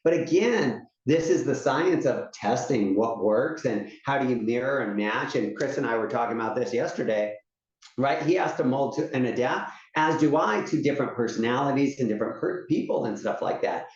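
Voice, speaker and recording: A man's voice: mid-range voice, lively intonation, moderate pace. Male mastermind host, conversational coach, very echoey, muffled call audio. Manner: conversational, keeps adding "right?". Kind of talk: motivational coaching talk.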